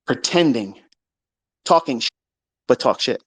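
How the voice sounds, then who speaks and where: A man's voice: expressive, measured pace, breathy edge, dry recording. Profane, taunting man with a dry sound. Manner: swings between loud outbursts and low mutters. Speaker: trading educator hosting a live audio room. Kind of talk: heated casual rant.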